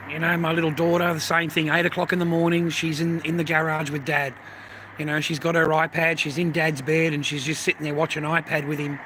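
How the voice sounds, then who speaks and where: Middle-aged Aussie man, slightly high voice, blunt and sweary, rambling livestream rant outdoors with clear traffic noise behind. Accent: Australian. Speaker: livestream host.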